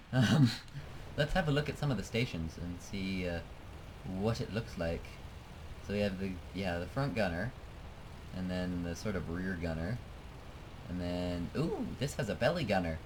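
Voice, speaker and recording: A man's voice: deep voice, lively intonation, a little slow, noisy background. A man giving casual, self-mocking commentary while playing a flight game, laughing often. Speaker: let's play gamer.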